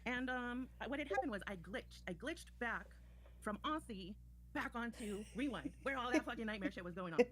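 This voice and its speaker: Quick, defensive woman streamer. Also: on the high side, expressive, fairly bright tone, a little hiss or hum. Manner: defensive, self-justifying. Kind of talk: casual livestream talk.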